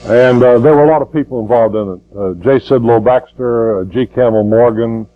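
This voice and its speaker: A man's voice: mid-range voice, moderate pace, narrow, tinny audio. An older man preaching a sermon in a folksy way, repeating words and rising to fervent emphasis.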